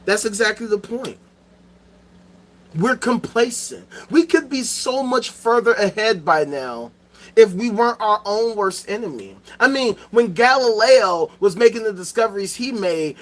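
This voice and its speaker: A male host rants in a profane, animated commentary and hammers each point with repetition. His voice sits high and sounds sharp and bright. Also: moderate pace. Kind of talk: ranting commentary.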